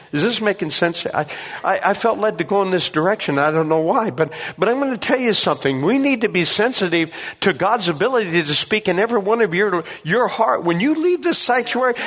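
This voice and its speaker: A man preaching a sermon in a church sanctuary, telling personal stories and acting out voices with animated delivery. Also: a little high. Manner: animated storytelling, acts out voices. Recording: long reverb of a hall.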